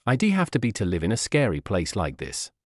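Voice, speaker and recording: Kindly old fighter grandpa, soft chuckles, pitch bouncing around, dry sound, man doing the voice. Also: huge pitch swings, brisk, no room sound. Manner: chuckling, cooing, gentle. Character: kindly old male martial artist grandpa.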